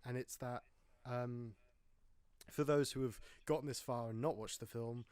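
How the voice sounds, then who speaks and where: A man in an easygoing film podcast chat, rambling through his points with dry little jokes. His voice sits at an ordinary middle pitch and is recorded close and dry, with no room sound around it. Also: fairly even intonation, unhurried, darkish tone, smooth, dry recording. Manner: chatty, rambling, wry jokes. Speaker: podcast host.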